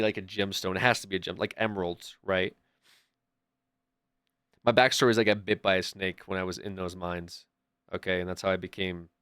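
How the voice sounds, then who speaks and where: A man's voice: fairly low pitch, clean tone, dry recording. Young guy streamer rambling all hyped, swearing a lot, dry close mic. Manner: rambling, excitable, profane. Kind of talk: casual chat.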